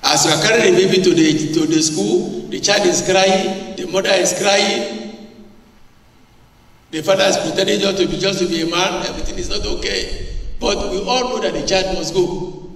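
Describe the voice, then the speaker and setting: A man preaching a sermon, animated, who often asks the congregation questions. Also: high-pitched, moderate pace. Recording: echoey church hall, distant mic.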